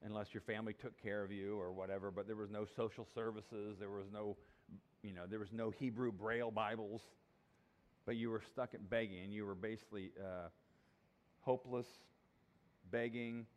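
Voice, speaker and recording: A man's voice: on the low side, fairly even intonation, moderate pace. A male pastor preaching a sermon in a conversational, jokey, emphatic way.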